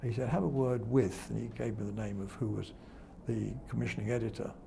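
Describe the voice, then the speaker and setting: Gravelly older man telling anecdotes. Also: on the low side, steady tone, brisk, dark tone, slight background noise. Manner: chuckling storyteller who acts out quoted voices. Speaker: television presenter. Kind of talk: reminiscing interview anecdotes.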